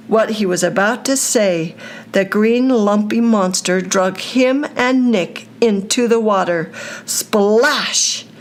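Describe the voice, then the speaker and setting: An older woman reading a children's story aloud, with a slow, deliberate storytelling delivery. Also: mid-range voice.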